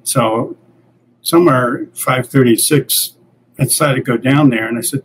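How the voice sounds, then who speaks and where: Older man telling stories, relaxed. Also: medium pitch, measured pace, breathy edge, rough recording. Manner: relaxed anecdotal, acts out quoted dialogue. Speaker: guest, comics creator and editor. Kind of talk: casual interview storytelling.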